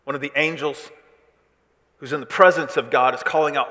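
Male pastor from Missouri, animated preacher, loud declarations dropping to hushed asides, bright tone with long hall reverb. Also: a little high, fairly quick. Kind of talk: sermon.

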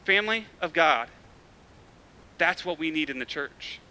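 A man's voice: fairly high pitch, animated, a little slow, pushed and bright. A male pastor preaching a sermon in a casual, conversational way, with emphatic, repetitive build-ups and frequent tag questions. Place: church.

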